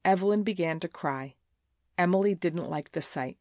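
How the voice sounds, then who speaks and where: Audiobook narrator: woman, lowish voice, measured scripted reading, dry close sound. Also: a little mellow, no echo.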